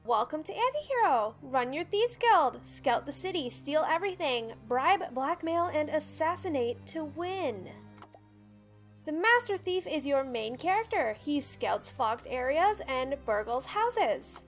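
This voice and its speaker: Chatty high-voiced woman gamer. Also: animated, takes it slowly, faint music behind. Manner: chatty, explains controls and reads tutorial text aloud. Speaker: let's play host. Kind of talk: casual gameplay commentary.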